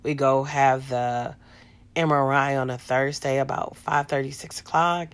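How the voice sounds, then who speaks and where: A woman's voice: very deep voice, steady tone, a little slow, clean tone. A middle-aged woman hosting a podcast, telling a personal story in a casual, rambling way with lots of fillers. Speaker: podcast host.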